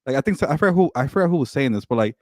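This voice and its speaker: Excitable man in casual sports chat. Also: medium pitch, racing, no room sound, studio quality. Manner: excitable, laughs a lot, repeats words. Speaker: co-host sports podcaster.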